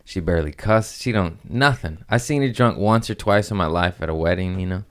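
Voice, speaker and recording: A man with a deep voice, a comedian guest on a podcast, joking in casual chat and laughing often. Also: brisk, clean tone.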